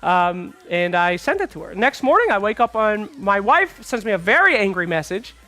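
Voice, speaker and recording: A man hosting an esports broadcast, telling an embarrassing story in an animated way and swearing freely in casual panel chat. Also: high-pitched, moderate pace, soft background music. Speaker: host.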